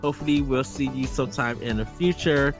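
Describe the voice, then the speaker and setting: A man's voice: mid-range voice, fairly quick, over music. A man hosting a gaming podcast, upbeat and sing-song with lots of ums, in casual chat. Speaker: podcast host.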